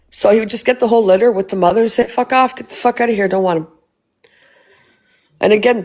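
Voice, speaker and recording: A woman's voice: mid-range voice, a little mellow. A woman hosting a casual livestream, blunt and swearing freely as she asks rhetorical questions. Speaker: livestream host.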